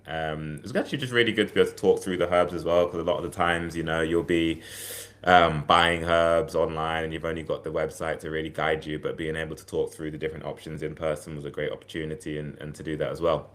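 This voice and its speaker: Male livestream host, deep voice, loose and chatty, restarts sentences often. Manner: chatty, rambling, many fillers and restarts. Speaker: herbal health livestream host. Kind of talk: casual livestream talk.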